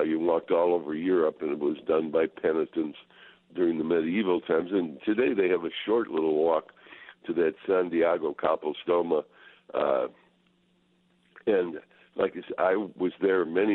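A man hosting a relaxed, rambling radio talk about wine, with many fillers. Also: sits low. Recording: tinny phone-like radio audio.

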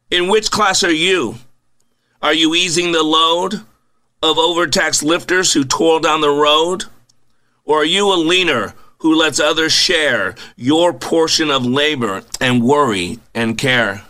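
A man's voice: on the high side, a little slow, sharp tone. A man hosting a motivational radio show in an earnest, preacherly way. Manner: recites verse.

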